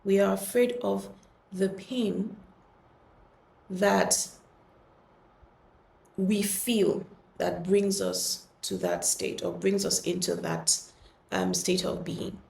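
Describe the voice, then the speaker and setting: A woman hosting a podcast, speaking earnestly and gently in a reflective solo talk, with many pauses and restarts. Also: medium pitch, lively intonation, creaky, roomy sound. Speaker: podcast host.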